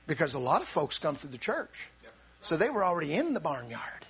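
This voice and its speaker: High, lively-voiced male preacher. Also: fairly quick. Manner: animated, repeats words, bursts into shouts. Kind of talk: sermon.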